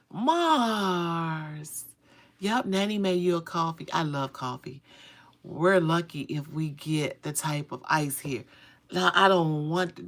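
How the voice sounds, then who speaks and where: Woman, middle-aged, livestream host, casual chat, drawling, gravelly voice, phone mic. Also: mid-range voice. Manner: animated, drawling, calls viewers baby and sugar.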